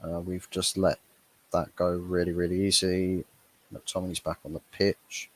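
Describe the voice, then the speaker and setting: A young man with a low, fairly flat voice speaks a little slowly while hosting a fan watchalong. He gives live reaction commentary through the match, chatting casually and laughing at his own jokes.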